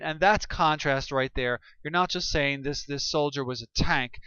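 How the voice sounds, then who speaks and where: A man giving a casual lesson, explaining slowly with many fillers, restarts and repeated words. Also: medium pitch, a bit bright, smooth, no room sound, muffled recording. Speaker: teacher.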